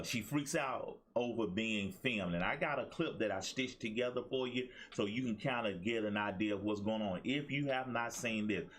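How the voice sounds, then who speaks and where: A man with a fairly low voice hosts a casual commentary show. He talks conversationally, with "uh" fillers and repeated points. His manner is relaxed and direct. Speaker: host.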